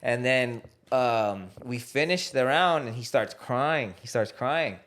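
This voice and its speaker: A man's voice: medium pitch, slow. A man and fighter, a podcast guest, telling a casual story in a parked car. He acts out what people said and often repeats his phrases. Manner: animated storyteller acting out quotes, repeats phrases.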